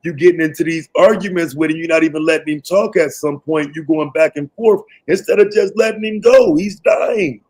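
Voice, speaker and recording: A man hosting a live stream debate, laid-back and slangy, using lots of fillers while trying to calm things down. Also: fairly high pitch, a little fast, hardly any pauses, low-quality recording. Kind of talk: casual debate moderating.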